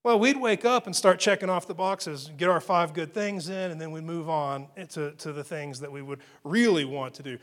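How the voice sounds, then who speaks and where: A man's voice: a little high, normal speed, few pauses, a bit bright. A man preaching a sermon as pastor, in a conversational way with frequent fillers and repeated phrases.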